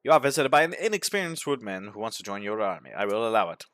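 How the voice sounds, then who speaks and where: A man narrating a game playthrough, reading its events aloud in a deadpan manner. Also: fairly low pitch, quick pace, no echo. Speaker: gaming commentator.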